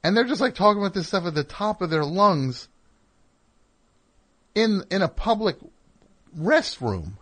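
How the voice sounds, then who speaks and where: A man's voice: sits high, big pitch swings, unhurried, long pauses, a bit bright. A middle-aged man hosting a call-in radio show, telling rambling, wry, self-deprecating stories and chatting with callers. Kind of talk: casual monologue and call-in chat.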